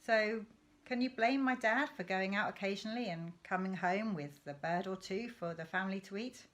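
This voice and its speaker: A woman teacher reading a children's novel aloud in an expressive way. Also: medium pitch, normal speed. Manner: expressive, with animated rises and falls.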